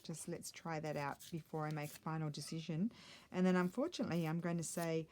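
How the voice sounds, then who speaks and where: A woman's voice: low voice, fairly even intonation, fairly quick, a little mellow. A middle-aged woman chatting casually while she crafts, thinking aloud and muttering little asides to herself. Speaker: craft vlogger.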